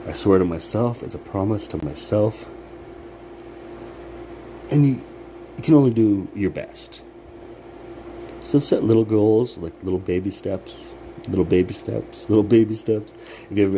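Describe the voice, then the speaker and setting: A man with a low voice talks in a loose, meandering way about pushing through struggle, dropping curses and chuckling between thoughts. A steady air-conditioner hum runs under the recording. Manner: rambling, profane, laughs often. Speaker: vlogger. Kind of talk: casual motivational monologue.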